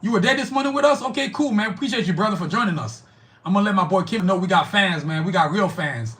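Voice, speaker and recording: A man's voice: high-pitched, expressive, fast, sharp tone. A man hosting a podcast, giving a heated, profane political rant while answering live chat. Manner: profane, fired-up, emphatic.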